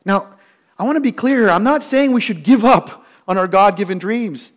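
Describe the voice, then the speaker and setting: A man's voice: expressive, normal speed. A middle-aged man preaching a sermon, telling personal stories and acting out the voices in them. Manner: storytelling, acts out quoted voices with rising pitch. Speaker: pastor.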